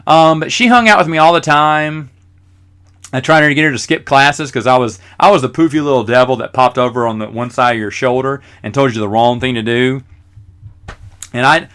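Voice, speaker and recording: A man's voice: mid-range voice, sharp tone. A middle-aged man hosting a podcast, telling rambling, self-mocking stories in a casual way. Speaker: podcast host. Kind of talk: casual storytelling.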